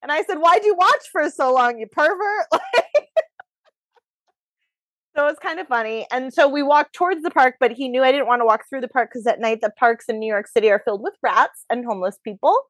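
In New York, a woman hosting a podcast chats frankly and casually about her dating life. Her voice is on the high side and brisk, and the recording is dry.

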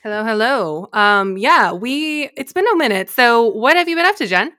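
A young woman hosting a podcast, opening the show and prompting her co-host with quick questions. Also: fairly high pitch, expressive, bright, forceful tone, dry recording, studio quality. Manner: encouraging listener with frequent mm-hmms. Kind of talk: casual chat.

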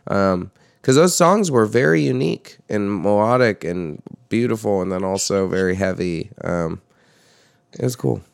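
A young man in casual chat about music, talking loosely with swearing and jumping up in pitch when he quotes himself. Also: lively intonation, normal speed, creaky, no room sound, studio quality.

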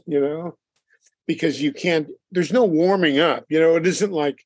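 Animated storytelling man, slightly high voice. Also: normal speed, no room sound. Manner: animated storyteller, acts out quotes, laughs often. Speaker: band leader and drummer. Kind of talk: casual interview chat.

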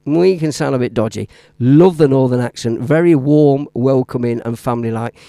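A man's voice: medium pitch, moderate pace, vocal fry, mellow, no room sound, clean studio sound. A man with a Midlands accent hosting a radio show as DJ, talking in a rambling, chatty way that waffles on between records. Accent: Midlands English. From English Midlands. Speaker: radio DJ host. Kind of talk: casual radio DJ chat.

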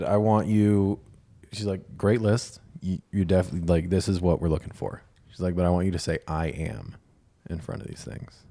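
Wry, laughing man with a low voice. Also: vocal fry, warm tone. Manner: wry, laughing, swears freely. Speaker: podcast co-host. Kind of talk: casual storytelling chat.

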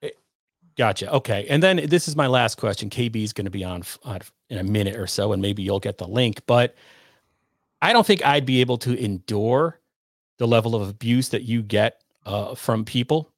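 A man's voice: fairly low pitch, moderate pace, no echo, studio quality. A man hosting a live stream, casually questioning his guest and reading out viewer comments, with many fillers.

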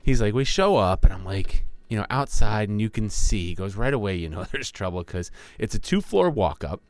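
A man's voice: fairly low pitch, animated, normal speed. Rambling, chuckling male podcast storyteller. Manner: rambling retelling of a friend's story, chuckling often. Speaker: podcast co-host. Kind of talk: casual chat, storytelling.

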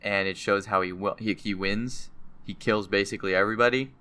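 A young man co-hosting a casual chat about comics and movies, animated and acting out characters in goofy voices. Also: fairly low pitch, a little fast, clear, resonant tone. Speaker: podcast co-host.

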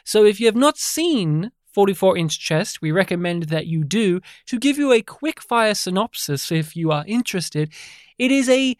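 A man's voice: high voice, sing-song, moderate pace, hardly any pauses, no room sound, studio quality. A man, co-hosting a podcast in a jokey, rambling way. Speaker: podcast co-host. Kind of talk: casual chat.

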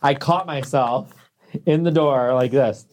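A woman's voice: a bass voice, a little slow, darkish tone, a little hiss or hum. A young woman co-hosting a casual chat, telling stories bluntly and swearing freely. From Buffalo area. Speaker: podcast co-host.

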